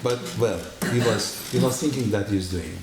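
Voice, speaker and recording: A man giving a personal testimony in halting, non-native English, telling his story in an animated way and often laughing between phrases. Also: lowish voice, crowd noise. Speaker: church testimony speaker. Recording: echoey room with faint noise.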